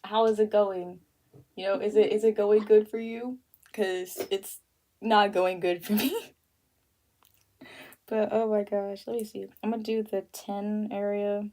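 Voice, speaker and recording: A woman's voice: mid-range voice, little pitch movement, unhurried, long pauses, warm tone. A young woman hosting an art livestream, chatting casually while she draws, full of fillers and frequent laughter. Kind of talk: casual chat while drawing. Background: faint music.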